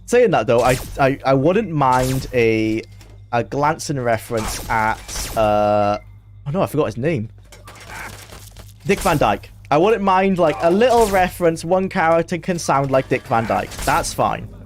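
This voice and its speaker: A man's voice: medium pitch, lively intonation, unhurried, a little hiss or hum. A young man chatting casually on a game stream, laughing often and talking to his chat.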